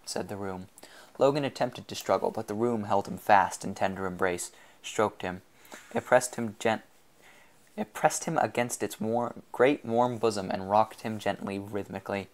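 Male audiobook reader, lowish voice, steady and measured. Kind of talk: scripted novel narration.

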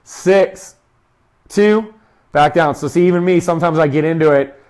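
Speaking at a moderate pace in a fairly high voice, a young fitness coach runs a guided exercise session, calling out reps and short upbeat prompts. He keeps it quiet rather than shouting into the mic.

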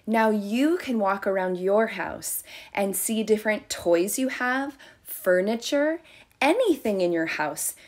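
A woman preschool teacher talks at a very unhurried pace. Her voice sits in a middle pitch. She speaks in a sing-song, encouraging way and draws words out slowly for small children. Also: a little mellow. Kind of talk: teaching young children on video.

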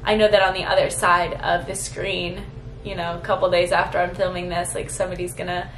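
A woman's voice: lowish voice, level tone, fairly quick, roomy sound, slight background noise, low-quality recording. A woman in her twenties talking to the camera in a sentimental, rambling vlog, close to tears and full of fillers. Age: 20s. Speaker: vlogger.

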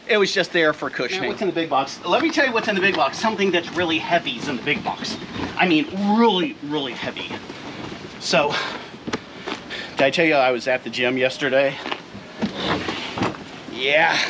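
A man's voice: fairly high pitch, noisy background. A middle-aged man doing a jokey unboxing vlog outdoors by his car, hyping the product and talking straight to his viewers. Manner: playful hype, talks straight to viewers. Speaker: vlogger reviewing gear.

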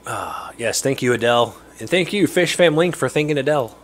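A man's voice: medium pitch, expressive, a little fast. Chatty man hosting a home livestream. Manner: rambling and chatty, answering viewer chat and chuckling. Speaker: livestream host. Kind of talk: casual livestream chat. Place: home fishroom.

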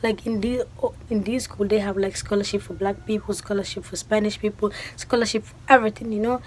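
A woman's voice: medium pitch, brisk, rough recording. A woman in her twenties from Guinea, chatting casually to camera and acting out the exchanges she tells about. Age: 20s. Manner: animated storytelling, acting out quoted exchanges. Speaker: vlogger. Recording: faint background noise.

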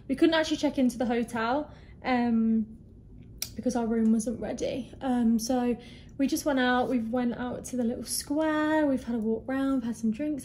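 Young woman vlogging her hotel room, kinda breathless, gushing over everything, bit of faint noise behind. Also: on the high side. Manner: chatty, bubbly, easily excited. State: slightly out of breath. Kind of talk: casual travel vlog. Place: hotel room in hot weather.

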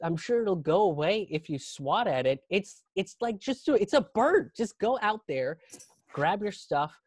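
A man voicing his fiancee as a calm, practical young woman in a comedy story, with a matter-of-fact, patient delivery and a raised voice. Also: sits high, normal speed, voice pushed up.

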